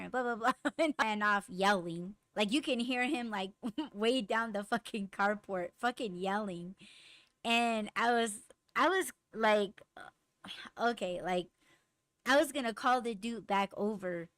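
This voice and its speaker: A woman's voice: medium pitch, a little slow, no echo. A young adult woman hosting a podcast, telling a heated work story in casual chat, full of swearing, fillers and quoted dialogue. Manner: profane, animated, lots of fillers and quoted dialogue. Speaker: podcast host.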